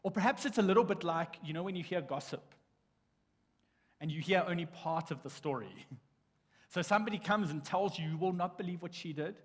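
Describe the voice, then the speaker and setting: Guy preaching in a big echoey church, slightly higher voice, gets animated telling stories. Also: a little fast, long pauses. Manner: animated storytelling with restarts. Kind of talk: sermon. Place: church sanctuary. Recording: long church hall reverb.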